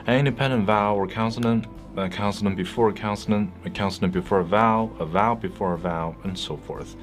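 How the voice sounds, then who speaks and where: A man with a deep, low voice talks through a pronunciation tutorial in clear, patient, scripted narration. He is close to the mic, and faint music plays behind him. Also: quick pace. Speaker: English pronunciation teacher.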